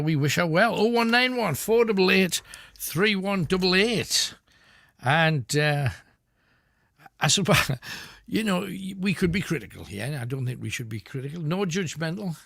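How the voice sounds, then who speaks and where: A man hosting a radio phone-in, giving callers measured, reassuring advice. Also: high voice, a bit bright, no room sound, studio quality.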